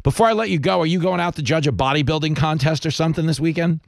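A man hosting a radio talk show, chatting casually and telling stories with self-mocking jokes and quick asides. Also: on the high side, creaky, dry recording, clean studio sound. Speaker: radio host. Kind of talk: casual chat and storytelling.

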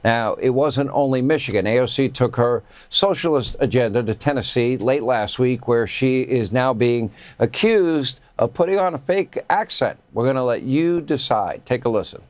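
A man's voice: mid-range voice, moderate pace, few pauses, no room sound. Chuckling man hosting a news show. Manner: chatty, chuckling asides. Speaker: news talk show host. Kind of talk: cable news commentary.

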